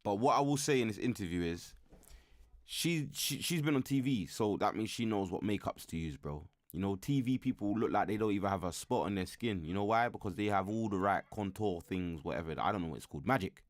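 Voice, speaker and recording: A man's voice: fairly low pitch, animated, brisk, dry recording. A man hosting a live reaction stream, commenting casually in a loose, slangy way and thinking aloud with frequent restarts.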